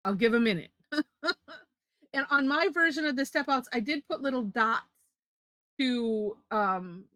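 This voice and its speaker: A woman's voice: fairly high pitch, animated, unhurried, sharp tone, no echo. A woman leading a live drawing lesson, chatty, correcting herself and laughing often. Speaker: drawing instructor.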